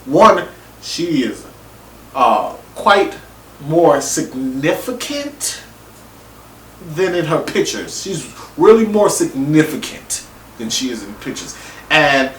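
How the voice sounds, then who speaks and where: Male reviewer, casual and expressive, voice swings up and down, recorded at a distance from the mic. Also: fairly high pitch, takes it slowly, long pauses, slight background noise. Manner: animated, acts out reactions, casual slangy talk. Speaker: TV show reviewer. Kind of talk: casual opinion monologue. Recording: echoey room, mic at a distance.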